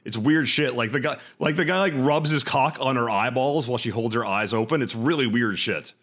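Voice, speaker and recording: A man co-hosting a casual podcast, wry and crude, quick to correct the others. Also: mid-range voice, a bit bright. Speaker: podcast co-host.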